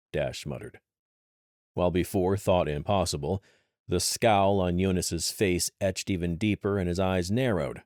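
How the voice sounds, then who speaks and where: A man narrating an adventure thriller audiobook in a steady storytelling manner. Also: low voice, a little slow, no echo, clean studio sound. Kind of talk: scripted narration.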